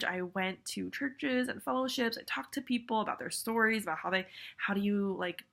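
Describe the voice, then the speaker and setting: Sniffly young woman, bright gravelly voice. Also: medium pitch. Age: young adult. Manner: rambling, filler-heavy, self-deprecating and apologetic. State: congested with a cold, sniffly. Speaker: vlogger. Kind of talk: casual video message.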